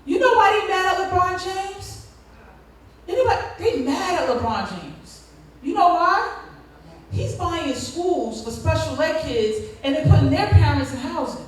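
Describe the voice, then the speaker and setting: A woman's voice: extremely high pitch, animated, measured pace, slight background noise. A woman giving a conference speech as a school district leader, telling stories in a preacher-like way and drawing call-and-response from the crowd. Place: large conference hall. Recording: echoey hall from far off.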